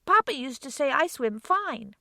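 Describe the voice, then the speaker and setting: A woman voicing an earnest, eager little girl of six in an audiobook, high and pleading. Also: sing-song, moderate pace, creaky, sharp tone, dry recording, studio quality, exaggerated voice. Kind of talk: audiobook character voice.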